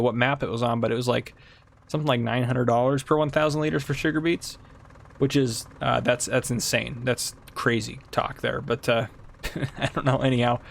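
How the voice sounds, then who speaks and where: A man hosting a farming game video, chatting casually and thinking out loud as he does sums and plans his next moves. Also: medium pitch, vocal fry. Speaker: gameplay video host. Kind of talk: casual gameplay commentary.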